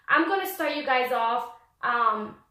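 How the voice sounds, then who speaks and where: A young woman vlogging casually, telling a personal story in a chatty, animated way and acting out what people said. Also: sits high, slow. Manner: chatty, animated, acts out quoted voices. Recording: echoey room.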